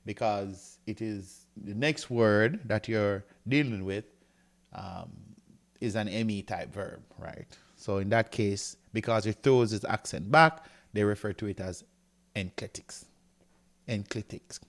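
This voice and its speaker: In this recorded grammar lecture, a Greek teacher whose male voice sits on the low side talks a little slowly. He breaks things down step by step, regularly adding "right?", as he reads from a textbook and writes on the board.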